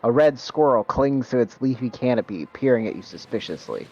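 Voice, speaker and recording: A man's voice: mid-range voice, animated, brisk, a little mellow, muffled recording. A man narrating as game master of a tabletop game, descriptive and lightly joking.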